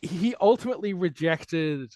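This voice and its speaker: A man whose accent mixes Australian and American Midwest tones speaks in a fairly high voice. He tells stories in an animated, casual way and often restarts his words. The sound is dry and close. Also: moderate pace, dry recording. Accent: Australian mixed with American Midwest. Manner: animated storytelling with repeated restarts. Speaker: guest. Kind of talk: casual conversation.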